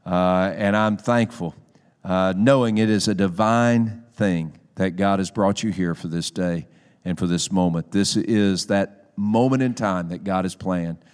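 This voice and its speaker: A man's voice: deep voice, measured pace, a little mellow, clean tone. A man, the church's pastor, earnestly introducing a guest preacher to his congregation. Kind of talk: sermon introduction. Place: church sanctuary. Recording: long church hall reverb.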